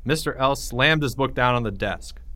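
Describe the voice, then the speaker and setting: A man's voice: mid-range voice, normal speed, dry recording. A man reading his own children's story aloud and voicing each character in turn. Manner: expressive, plays each character. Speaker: author and audiobook reader. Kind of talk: scripted storybook narration.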